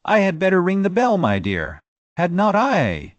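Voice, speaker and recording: A man voicing a brisk, sweet-voiced peeress. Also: on the high side, big pitch swings, dry recording, muffled recording, pitched above the performer's own voice. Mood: brisk friendly. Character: sweet-voiced middle-aged Scottish widow, a peeress.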